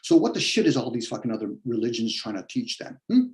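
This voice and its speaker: A man's voice: medium pitch, very animated, quick pace, a little mellow. A man on a podcast giving a blunt, combative rant, swearing heavily and mocking the objections he imagines from others. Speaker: podcast host. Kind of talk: profane philosophical rant.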